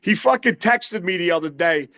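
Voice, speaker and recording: A man's voice: high voice, animated, normal speed, bright, forceful tone, no room sound. Tough-talking New man, profane. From New York City. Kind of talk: casual podcast chat over video call.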